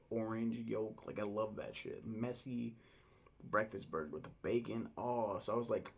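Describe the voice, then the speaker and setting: Casual male vlogger, thirties, gravelly mid-range voice, rambling, excitable food talk. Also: medium pitch. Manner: rambling, enthusiastic, many fillers and laughs. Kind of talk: casual vlog chat.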